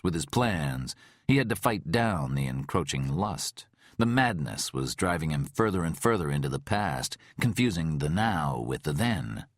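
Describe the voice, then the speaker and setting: A man narrating an audiobook thriller in a slow, deliberate, tense way. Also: sits low, no room sound, clean studio sound.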